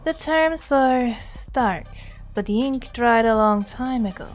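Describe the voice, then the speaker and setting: A woman's voice: fairly high pitch, takes it slowly, soft background music. A woman reading a blunt cynical attorney. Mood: dry. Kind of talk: reading a game character aloud.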